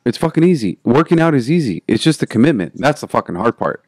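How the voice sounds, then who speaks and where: A man's voice: medium pitch, very animated, fast talker, darkish tone, slight background noise. A man hosting a casual interview, blunt and swearing freely, cutting in with questions.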